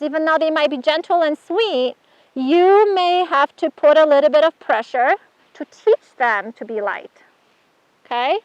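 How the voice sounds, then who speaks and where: A woman with a high voice leads a chatty, hands-on horse handling demonstration, praising the horse as she works. The recording has no room sound and comes across dull and dry.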